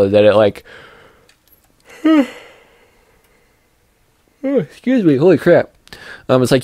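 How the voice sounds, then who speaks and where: A man's voice: medium pitch, sing-song, moderate pace, pauses often, darkish tone, no echo, studio quality. A young man giving casual let's-play commentary as he plays, chatty and goofy with playful sing-song asides. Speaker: gameplay commentator.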